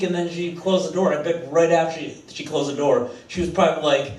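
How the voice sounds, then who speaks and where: A man's voice: a little high, level tone, brisk. A man from Massachusetts doing a stand-up comedy set on a club stage, wry and self-deprecating, on a handheld mic. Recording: roomy club, distant mic, noisy.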